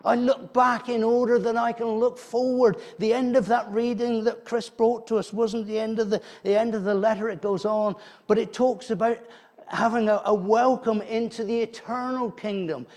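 A man with a fairly high voice delivers a sermon in a church. He talks in a conversational way, puts rhetorical questions to his listeners and often restarts his phrases. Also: little pitch movement, moderate pace, a little mellow. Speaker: preacher.

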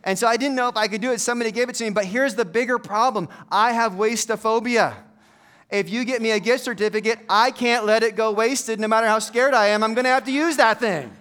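Middle-aged male pastor, chatty humorous preacher, high and smooth. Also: fast, a bit bright. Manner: conversational, humorous storytelling preacher. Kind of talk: sermon.

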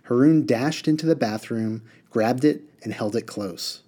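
A man reading a novel aloud and discussing it, in a measured, clear way. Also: mid-range voice, dark tone. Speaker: book discussion reader.

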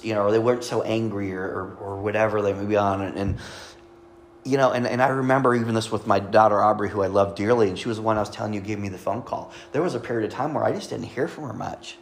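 A man's voice: medium pitch, a little fast, slight background noise. A middle-aged man, a pastor, preaching a sermon in a conversational way, reading scripture and joking with the congregation.

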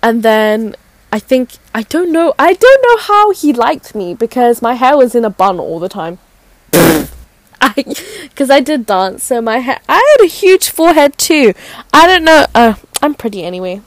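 A woman's voice: on the high side, lively intonation, normal speed, dry recording. Giggly, rambling young woman. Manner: giggly, rambling, many fillers and restarts. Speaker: podcast host. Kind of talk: casual personal storytelling.

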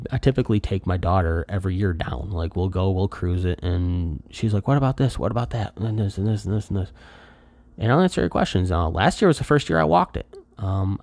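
A middle-aged man from Michigan talks loosely on his podcast in a low, gravelly voice. He rambles, circles back with plenty of fillers, and turns animated when he acts out a quote. The recording is close and dry, with no room sound. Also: no room sound. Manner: rambling, lots of fillers and restarts; lively when acting out quotes. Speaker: podcast host. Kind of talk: casual chat.

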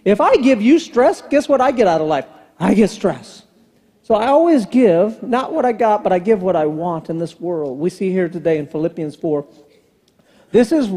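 Pastor type, man with a high voice, preaching with lively, chatty emphasis. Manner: animated, conversational preaching with rhetorical questions. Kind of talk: sermon.

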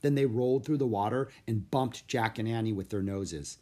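A man reading a children's storybook aloud in an expressive, lively narration. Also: on the low side, normal speed. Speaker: audiobook narrator.

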